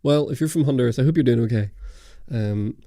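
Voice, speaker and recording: This young man, hailing from Ireland and Britain, runs a camera channel and chats through a livestream Q&A, reading comments and rambling with frequent ums and restarts. His mellow, medium-pitched voice moves fairly quickly, captured on a studio dynamic mic at studio quality with no room sound.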